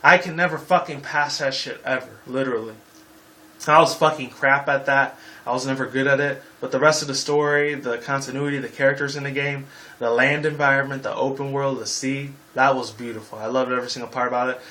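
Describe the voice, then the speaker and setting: A man's voice: medium pitch, steady tone, fairly quick, bright, forceful tone, poor audio. Profane young man ranting about games. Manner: profane, rambling and heated; casual sign-off slang. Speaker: gaming video host. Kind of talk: casual ranting game review.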